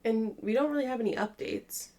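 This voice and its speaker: A woman's voice: fairly high pitch, warm tone. Easygoing woman podcast co-host. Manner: easygoing, laughs along, quick back-and-forth. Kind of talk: casual chat.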